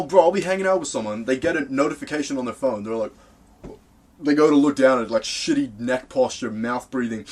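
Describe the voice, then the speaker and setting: A young man who makes music, giving blunt, profane advice to the camera in an animated rant from his small home studio. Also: medium pitch, slightly rough. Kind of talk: casual ranting advice to camera.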